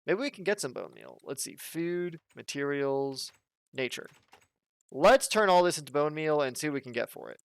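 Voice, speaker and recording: Brief: a chatty, jokey man from the southern United States as a let's play host, with a smooth voice. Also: on the high side, sing-song, moderate pace, no room sound. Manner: chatty, jokey, thinking aloud. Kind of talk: casual gameplay commentary.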